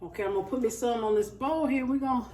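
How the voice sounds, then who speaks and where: A woman's voice: a little high, fast talker, dark tone, far from the mic, slight background noise. A woman, chatting casually to her viewers as she cooks and tastes food in her home kitchen. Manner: chatty, talks straight to viewers as y'all. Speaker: cooking vlogger. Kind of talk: casual chat while cooking and tasting.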